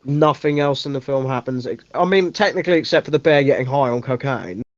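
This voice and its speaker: A man's voice: medium pitch, lively intonation, brisk, no echo, dull audio. A young man hosting a casual movie review podcast, rambling, correcting himself and swearing offhand. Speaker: podcast host.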